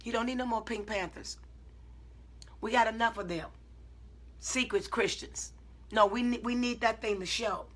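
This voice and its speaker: A woman preacher talks to her online audience in an informal, emphatic way, acting out her own side of conversations. She moves from calm self-talk to loud, stretched-out exclamations. Her voice is bright and forceful with a husky edge. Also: a little high, normal speed, long pauses.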